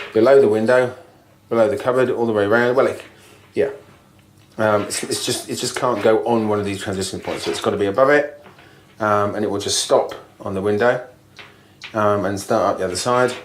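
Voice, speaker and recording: A man's voice: fairly low pitch, roomy sound, a little hiss or hum. A man casually explaining bathroom tiling step by step, thinking aloud with ums and restarts. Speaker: DIY video host. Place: bathroom being refurbished, indoors. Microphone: camera mic, moving around the room.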